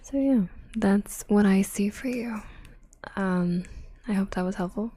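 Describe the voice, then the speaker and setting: A young woman streaming tarot readings in a soft-spoken ASMR voice, slipping into whispers and giggling with chat, close on the mic. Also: medium pitch, a little slow, husky, no room sound.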